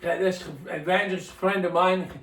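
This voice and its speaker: A man's voice: high-pitched, little pitch movement, unhurried, a bit bright, distant mic. A man who is a minister, telling a story in a casual, folksy, rambling way and often repeating his words. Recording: roomy sound from off-mic.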